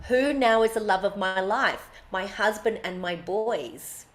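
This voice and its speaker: A woman's voice: mid-range voice, animated, measured pace. Blunt, swearing woman storyteller. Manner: blunt, emphatic, swears freely. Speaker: podcast co-host. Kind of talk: casual chat, personal storytelling.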